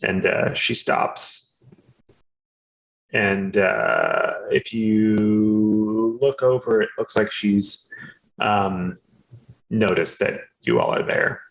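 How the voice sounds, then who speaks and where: A man narrating as game master, halting often and filling with ums. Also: lowish voice, sing-song, creaky, fairly bright tone, low-quality recording. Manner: halting, filler-heavy narration.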